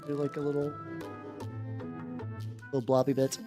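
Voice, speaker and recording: Rambling, mid-pitched stream host, casual and profane, soft music underneath. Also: completely flat delivery, normal speed. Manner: rambling, many restarts and swearing. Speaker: streamer painting miniatures. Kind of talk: casual livestream chat. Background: faint background music.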